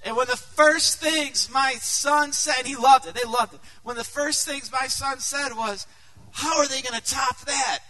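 A middle-aged male pastor with a high, bright, piercing voice delivers an earnest sermon. He drops to soft, quiet passages and then climbs to loud, emphatic peaks. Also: moderate pace, few pauses, rough recording.

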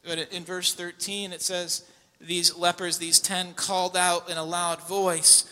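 A man preaching a sermon as pastor. He builds from quiet, grave passages to loud, impassioned preaching. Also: high-pitched, fairly even intonation, moderate pace. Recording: long echo in a large hall.

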